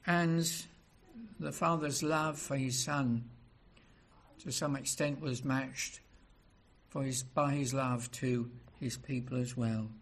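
A man's voice: medium pitch, fairly even intonation, slow. A man preaching a sermon, asking his listeners rhetorical questions and rising into emphatic stretches.

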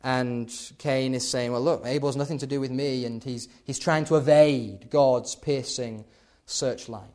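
A man preaching a sermon, building to loud emphatic peaks and then dropping low. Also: fairly even intonation, measured pace.

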